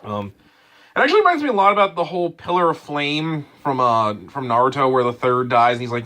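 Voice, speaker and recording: A fairly quick, mid-range male voice rambles through an anime episode review. He's casual and excited, stumbling into restarts and fillers along the way.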